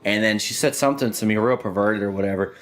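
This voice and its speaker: Animated profane man telling stories. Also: lowish voice, fast talker, noisy background. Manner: animated, profane, peppers speech with "dude" and "bro". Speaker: podcast host. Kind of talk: casual storytelling chat.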